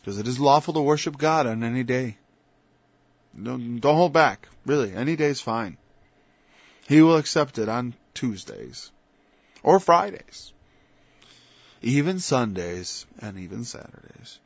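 A man preaching an informal sermon, moving from quiet asides to loud, emphatic passages and quoting scripture in old-fashioned wording. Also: medium pitch, lively intonation, unhurried, gravelly, pauses often, no echo. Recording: dull, lo-fi sound.

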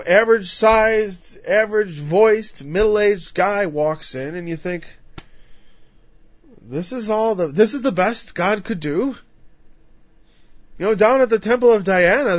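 A man's voice: high-pitched, dry recording, dull audio. Casual male Bible teacher, dry sound. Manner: casual, acts out quotes in voices. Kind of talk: conversational sermon.

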